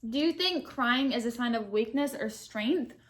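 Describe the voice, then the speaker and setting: A woman's voice: a little high, animated, normal speed. Candid young woman chatting while eating. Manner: candid, thinks aloud with fillers and restarts. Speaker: YouTuber answering question cards. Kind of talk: casual mukbang chat.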